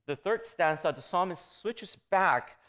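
A man preaching a sermon on scripture. He reads the verses aloud and lifts his pitch emphatically on the quoted lines. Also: expressive, a little slow, sharp tone.

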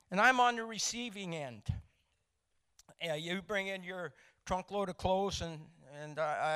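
An older man, telling stories about his charity work to a group in a folksy, halting way with many restarts. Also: high voice, fairly bright tone, clean tone. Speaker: charity volunteer speaker. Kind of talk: storytelling talk to a group.

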